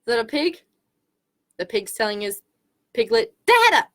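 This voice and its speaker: A woman's voice: fairly high pitch, animated, normal speed. A woman as a children's librarian, reading picture books aloud in a playful way, making animal sounds.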